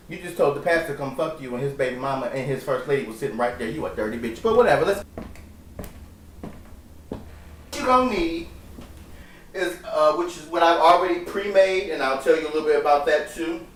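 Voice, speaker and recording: A cooking show host with a slightly high voice runs a casual vlog from his home kitchen, sassy, profane and campy. The room echoes, the mic sits at a distance, and there's a little hiss or hum.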